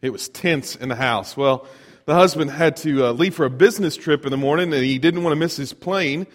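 A middle-aged man preaching a sermon as pastor, telling stories in a lively, conversational way. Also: on the high side, fairly quick, in a large hall. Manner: storytelling, animated, conversational.

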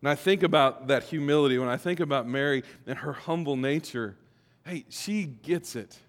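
A male pastor with a high voice preaches a sermon in a reverberant hall. He moves between forceful emphasis and hushed reflection and acts out the quotes he tells. The room rings with a long echo. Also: normal speed.

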